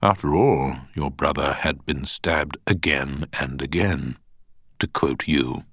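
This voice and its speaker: A man voicing a cool male barrister, cross-examining in a measured, pointed way. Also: very deep voice, a bit bright, no room sound, studio quality, full character voice. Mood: probing. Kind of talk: audiobook character voice.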